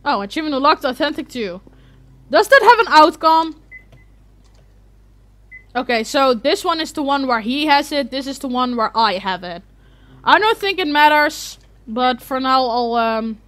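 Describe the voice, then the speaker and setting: A woman's voice: sits high, a bit bright. A young woman chatting casually as she plays an RPG, restarting sentences as she thinks aloud. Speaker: let's play gamer. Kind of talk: casual game commentary.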